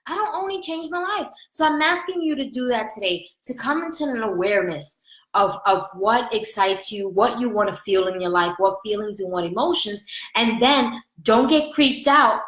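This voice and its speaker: Woman coach, high bright voice, animated motivational talk, echoey room. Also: moderate pace. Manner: animated, repeats "right?", laughs often. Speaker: life coach.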